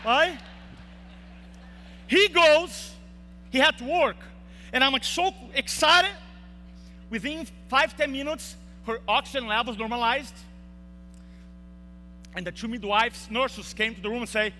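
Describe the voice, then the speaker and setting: A man's voice: extremely high pitch, measured pace, pauses often, bright, forceful tone. A young man giving a motivational speech in a large hall, telling an emotional story and acting out the quotes. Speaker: speaker. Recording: reverberant hall with faint hum.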